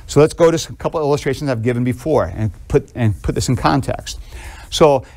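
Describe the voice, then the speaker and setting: A man teaching theology in a classroom lecture, animated and conversational, asking students questions and acting out little scenes. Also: medium pitch, fairly quick. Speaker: theology professor.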